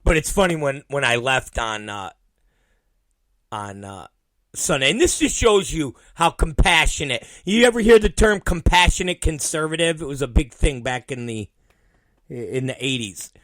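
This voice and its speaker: A man's voice: fairly high pitch, animated, moderate pace, fairly bright tone, no room sound, studio quality. A middle-aged man hosting his own show, telling a rambling, profane story and laughing at it. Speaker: podcast host. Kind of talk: casual storytelling monologue.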